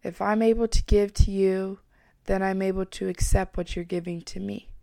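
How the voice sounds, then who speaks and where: An earnest woman talking through a motivational self-help monologue, reflective and open about herself. Her voice sits at an ordinary middle pitch. The sound is dry and close, with no room echo, and she leans on repeated phrases to press each point home. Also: steady tone, moderate pace, vocal fry, warm tone. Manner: earnest, reflective, openly personal.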